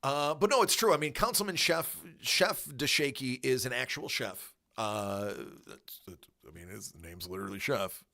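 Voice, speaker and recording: A man's voice: mid-range voice, moderate pace, creaky, hardly any pauses, pushed and bright. A man hosting a livestream, chatting casually and rambling through tangents with fillers and laughter. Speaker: livestream host.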